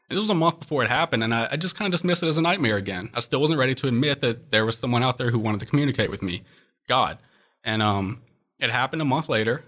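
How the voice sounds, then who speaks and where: A young man with a bright, forceful voice, speaking as a guest on an interview show. He tells his story earnestly and reflectively, with plenty of "uh"s along the way. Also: medium pitch. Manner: earnest, reflective, frequent "uh" fillers. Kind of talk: personal testimony in interview.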